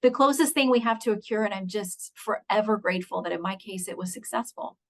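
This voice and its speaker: A woman's voice: medium pitch, fairly quick. A woman guest in an interview, earnestly recounting a personal story of illness and faith. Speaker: guest, news anchor and author.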